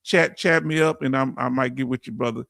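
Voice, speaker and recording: A man's voice: medium pitch, steady tone, a little fast, vocal fry, dry recording, studio quality. A man with a Southern accent hosting a live stream, talking casually and reading out viewers' comments, with many fillers and restarts. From Southern United States. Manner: warm, chatty, with frequent fillers and restarts. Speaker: YouTube channel host. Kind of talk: live-stream chat shout-outs.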